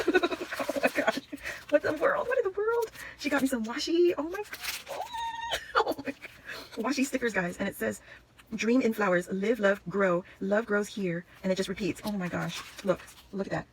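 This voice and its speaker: A woman's voice: medium pitch, expressive, normal speed, noisy background. A woman vlogger chatting through a craft unboxing, gushing and exclaiming, often swooping up into squeals. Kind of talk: excited unboxing chat.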